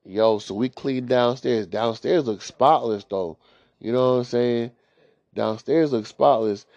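Young male storyteller, slow and rambling, curses freely, heavy on fillers; dry, slightly muffled lo-fi audio. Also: medium pitch, mellow, no room sound. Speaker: storyteller host. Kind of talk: casual spoken storytelling. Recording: dry, slightly dull lo-fi recording.

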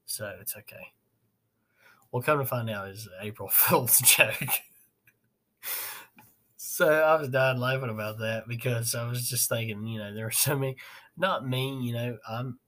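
A man's voice: medium pitch, unhurried, pauses often, fairly bright tone. A man hosting a podcast, rambling casually, laughing and swearing. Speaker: podcast host. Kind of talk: casual chat.

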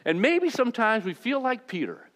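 A man's voice: very high voice, big pitch swings, normal speed, fairly bright tone. Man preaching in a reverberant church. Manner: emphatic, rising to impassioned preaching. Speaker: pastor. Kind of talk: sermon. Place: church sanctuary. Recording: long hall reverb in a church sanctuary.

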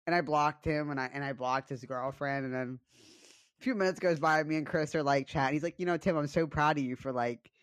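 Young male podcast co-host, high pitch, animated storyteller, dry close mic. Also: brisk, smooth, dry recording. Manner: animated storytelling, swearing, laughing often. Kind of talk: casual chat.

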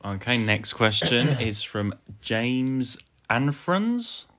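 A man's voice: mid-range voice, big pitch swings, slow pace, bright, forceful tone. A man hosting a podcast, steadily reading out listener questions and laughing along with his co-host. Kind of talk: casual podcast chat.

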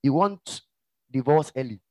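A middle-aged male pastor preaching a sermon with emphatic swings from hushed asides to shouts, in a gravelly voice. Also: mid-range voice, animated, a little slow, no echo.

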